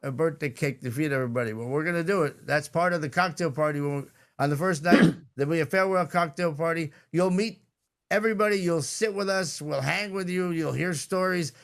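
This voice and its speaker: A man's voice: on the high side, brisk, a bit bright. A man hosting a podcast in a chatty, self-deprecating way over a video call. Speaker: podcast host. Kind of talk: casual podcast chat.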